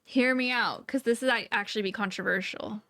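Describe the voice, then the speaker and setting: A young woman with a fairly high voice chats casually on a podcast. She is playful and giggly and jumps from one idea to the next. Her voice sits close to the mic in a dry, dead-sounding space. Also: a bit bright, no room sound. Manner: playful, giggly, quick tangents. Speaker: podcast co-host. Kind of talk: casual chat.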